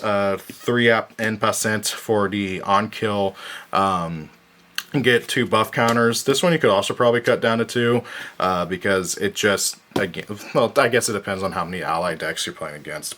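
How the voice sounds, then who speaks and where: Tired guy rambling about his card deck, lowish voice, lots of uhs and do-overs. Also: a bit bright. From United States. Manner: rambling, frequent uh fillers and self-corrections. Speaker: card game deck reviewer. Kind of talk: casual deck profile talk.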